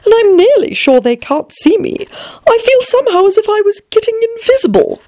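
A woman voicing a curious young girl in a storybook reading, speaking in a hushed, wondering way. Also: very high voice, very animated, brisk, voice pushed up. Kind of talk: storybook read-aloud.

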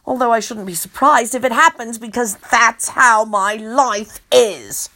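A woman's voice: on the high side, lively intonation, a little slow, few pauses, sharp tone. A woman narrating an audiobook in first person, exasperated, sarcastic and sweary.

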